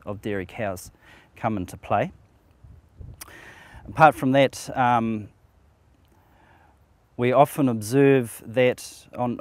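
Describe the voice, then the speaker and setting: A man working as a veterinarian, explaining animal health in a measured, professional way. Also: medium pitch, a little mellow, no room sound. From New Zealand. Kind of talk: explanatory interview.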